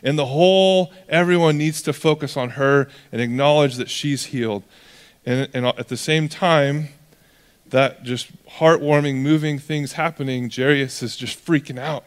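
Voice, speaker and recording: A young man preaching a sermon as pastor, in a conversational, animated way that acts out characters. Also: on the high side, unhurried. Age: young adult. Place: church hall. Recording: long reverb of a church hall.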